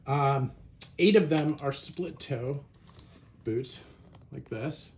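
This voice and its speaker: A man's voice: mid-range voice, slow, slight background noise. A man hosting a casual show-and-tell vlog, talking in a loose conversational way with frequent fillers and restarts. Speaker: shoe collector and channel host.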